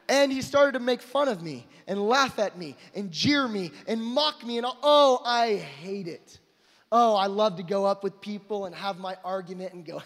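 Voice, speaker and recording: A young man preaching an emphatic sermon to a crowd, swinging between loud calls and hushed asides. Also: high voice, normal speed. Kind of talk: energetic sermon to a live crowd. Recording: long hall reverb.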